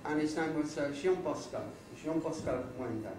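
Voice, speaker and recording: A man's voice: a little high, moderate pace, noisy background. An older man, a folk singer and comedian, telling rambling wry jokes in a live folk club set. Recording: roomy live club recording from a distance. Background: guitar playing.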